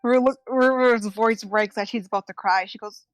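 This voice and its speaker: A woman player narrating her character in third person, casual and expressive. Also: on the high side, brisk, no echo, low-quality recording.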